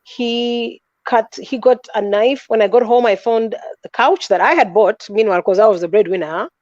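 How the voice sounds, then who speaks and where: A woman with a fairly high voice, animated and emphatic as she talks. The sound is dry and a little dull, like lo-fi livestream audio. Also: moderate pace, dry recording. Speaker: guest. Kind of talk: casual chat telling a personal story.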